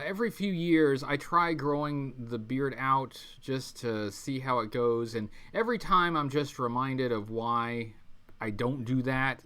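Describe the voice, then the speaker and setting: A man's voice: mid-range voice, sharp tone. A man hosting a casual livestream, rambling with many ums and restarts and reading viewer comments aloud. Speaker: livestream host. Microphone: webcam mic.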